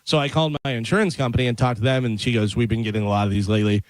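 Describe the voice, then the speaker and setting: Man, medium voice, dry studio mic, radio co-host, animated storytelling. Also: mid-range voice, very fast, no echo, rough recording. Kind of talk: casual radio banter.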